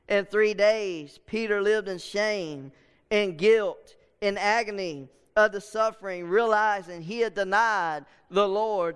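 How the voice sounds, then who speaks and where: High-voiced preacher in a hall. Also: male voice, fairly bright tone, clean tone. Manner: preaching with rising fervor and repetition. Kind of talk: sermon. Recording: long hall reverb.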